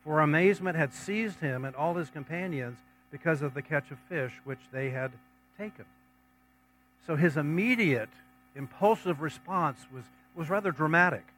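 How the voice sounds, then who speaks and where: A man's voice: fairly high pitch, normal speed, fairly bright tone, poor audio. A man preaching a sermon, reading scripture passages aloud and then commenting on them in a conversational way.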